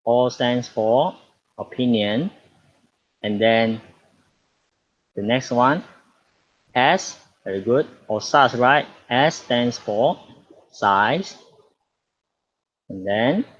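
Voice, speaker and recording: Malaysian man teaching English online, slow and patient, repeats key words, dull lo-fi sound. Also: medium pitch. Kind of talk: online classroom lesson. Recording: dull lo-fi audio.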